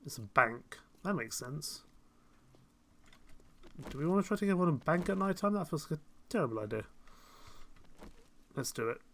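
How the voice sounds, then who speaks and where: A young man on a live gameplay stream talks in a fairly high, animated voice at a moderate pace, with long pauses and slight background noise. As a streamer, he rambles, pokes fun at himself, and chuckles often.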